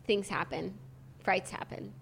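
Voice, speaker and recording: A woman's voice: medium pitch, a little slow, vocal fry, breathy edge. A young woman co-hosting a podcast, chatting casually with a dry, teasing manner. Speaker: podcast co-host. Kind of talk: casual chat.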